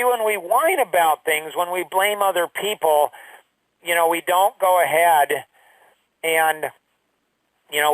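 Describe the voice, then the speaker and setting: A man's voice: a little high, fairly bright tone, no room sound, recorded from a distance, poor audio. A man teaching a recorded lesson, telling personal stories in a rambling, anecdotal way full of "you know" and "like". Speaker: course instructor.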